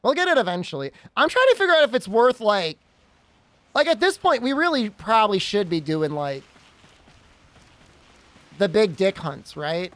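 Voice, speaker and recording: A man's voice: sits high, big pitch swings, moderate pace, pauses often, a bit bright, no echo. A man streaming a game, chatting casually and rambling, with frequent giggles and teasing. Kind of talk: casual gaming stream chat.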